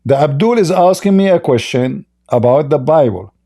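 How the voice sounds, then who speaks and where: A man's voice: on the high side, lively intonation, normal speed, vocal fry, mellow. A man hosting a live online debate, mocking and combative, often laughing at his opponents. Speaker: debate host.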